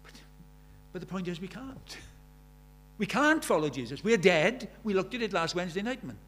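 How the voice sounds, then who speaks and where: A man's voice: high voice, sing-song, moderate pace, a bit bright. A man in his seventies preaching a sermon, pressing his congregation with earnest rhetorical questions. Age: 70s. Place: church.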